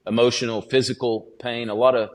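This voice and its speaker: A man, a student pastor, giving an earnest personal testimony as a podcast guest, in a halting, restarting way. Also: mid-range voice, flat delivery.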